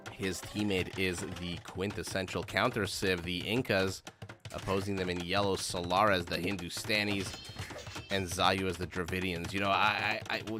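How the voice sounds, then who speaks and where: A man doing live play-by-play commentary on a strategy game match, chatting directly to his viewers. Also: low-pitched. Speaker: game caster. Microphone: streaming microphone. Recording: noisy live stream recording.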